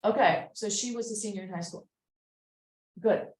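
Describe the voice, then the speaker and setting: A woman's voice: medium pitch, moderate pace, echoey room, slight background noise, poor audio. A woman teaching a writing class, patiently reading sentences aloud again and again to check the commas. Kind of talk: editing a student essay aloud in class.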